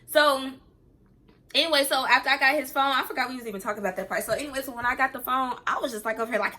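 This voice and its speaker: A woman's voice: sits high, quick pace. A young adult woman telling a casual, rambling storytime, acting out the things people said. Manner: rambling, animated retelling that acts out quoted dialogue. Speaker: vlogger.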